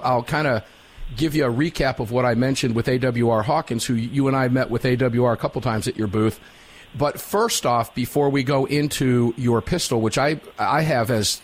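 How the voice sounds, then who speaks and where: An energetic middle-aged man hosts live talk radio in an ordinary mid-range voice. He is folksy and upbeat, drawing out words when he wants to drive a point home. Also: medium pitch. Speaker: radio talk show host.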